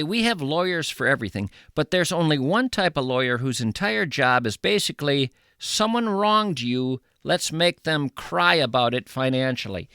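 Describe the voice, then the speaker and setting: A man hosting, delivering a deadpan, playful comedic monologue and ad read. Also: mid-range voice, no room sound, clean studio sound. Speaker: host.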